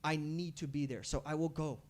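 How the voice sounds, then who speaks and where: Guy doing lord shiva, devoted god, earnest and eager, kinda high voice. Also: fairly even intonation, brisk, darkish tone, lightly acted. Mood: yearning.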